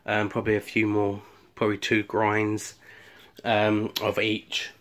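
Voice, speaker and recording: A man's voice: lowish voice, completely flat delivery, a little slow, a bit bright. Chatty man in a kitchen. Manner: chatty, lots of ums and restarts. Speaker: home cooking vlogger. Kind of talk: casual cooking vlog. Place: home kitchen.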